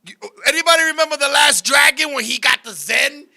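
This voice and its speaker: Very high, bright-voiced man telling stories. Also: a little fast. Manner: animated, profane storyteller, often shouting. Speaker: show host. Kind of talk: comedic storytelling chat.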